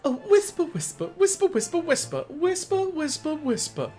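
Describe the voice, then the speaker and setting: A man voicing a young Englishwoman who only whispers, in a high, breathy whispered role-play. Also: wildly swooping pitch, moderate pace, dark tone, faint music behind, heavily acted. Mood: whispering. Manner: mock whispering gibberish.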